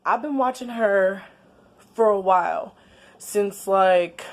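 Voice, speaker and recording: Woman, slow unhurried talk, casual late-night vlog, chatty and laid-back. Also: medium pitch. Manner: chatty, laid-back, drops into quiet asides. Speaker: vlogger. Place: home room at night. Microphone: camera on a stand.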